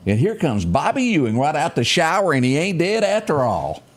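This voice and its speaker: Fifties guy hosting a talk show, folksy and jokey, voice bouncing up and down a lot. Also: on the high side. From Mississippi. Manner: joking, folksy, chatty. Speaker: host. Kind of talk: casual radio chat.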